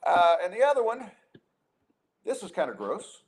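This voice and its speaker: A middle-aged man hosting a podcast has a high-sitting voice with huge pitch swings and a breathy edge, moving at a moderate pace. His casual chat turns into exasperated, sarcastic ranting full of restarts.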